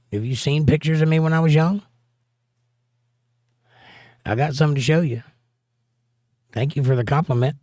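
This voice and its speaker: A man's voice: medium pitch, dry recording. A male livestream host reading viewer comments aloud and answering them with dry, joking asides in a casual chat.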